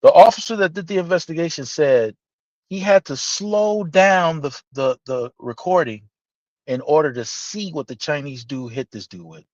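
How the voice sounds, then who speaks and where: A man with a slightly high voice tells a rough story in loose podcast chat, swearing freely and acting out each character's lines. The sound is dry and a little dull, like a modest lo-fi setup. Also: normal speed, dry recording. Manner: animated, profane storytelling with acted-out dialogue. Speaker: podcast host telling a story.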